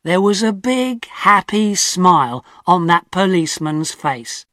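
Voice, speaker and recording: A man narrating a first-person story for language learners in a clear, expressive way. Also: high voice, takes it slowly, few pauses, no room sound, clean studio sound. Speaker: audiobook narrator.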